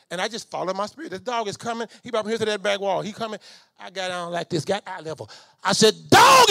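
A middle-aged man preaching a storytelling sermon. His voice sits high and has a gravelly fry to it. The sound is close and dry, and he jumps from quiet asides to shouted commands. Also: no room sound. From Southern United States. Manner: animated, swings from low asides to shouted commands.

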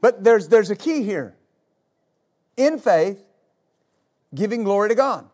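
High-voiced preaching pastor, man. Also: expressive, slow. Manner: builds to shouted, repetitive exhortation. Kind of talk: sermon.

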